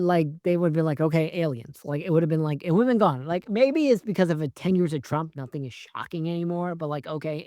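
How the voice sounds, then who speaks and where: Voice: medium pitch, no echo, clean studio sound. A film reviewer in a vlog, ranting sarcastically with lots of swearing and rambling filler words. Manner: profane, sarcastic, exasperated rant; rambling, heavy use of "like" and "right?". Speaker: movie reviewer.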